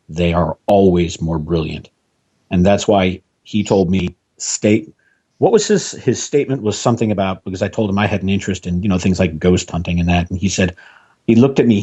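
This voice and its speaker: A man's voice: low voice, a little mellow, slightly rough, dull audio. A man, a podcast guest, telling long anecdotes about an old friend and quoting him at length. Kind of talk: storytelling interview guest.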